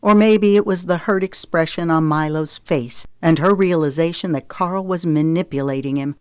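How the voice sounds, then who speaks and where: A woman narrating a romance novel in a steady, expressive audiobook reading. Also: on the low side, moderate pace, smooth, dry recording. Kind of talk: scripted narration.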